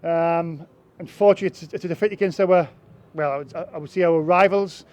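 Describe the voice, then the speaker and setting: A man's voice: on the high side, fairly even intonation, brisk, darkish tone. A man reporting for a football fan channel and running street interviews, often stumbling and repeating his words. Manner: stammers and repeats words, agreeable. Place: outdoors in town.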